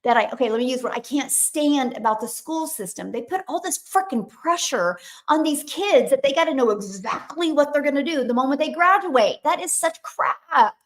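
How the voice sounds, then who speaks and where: A woman in her fifties hosting a live stream, talking fast and energetically to viewers and greeting them by name. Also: sits high, expressive. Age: 50s. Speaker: livestream host.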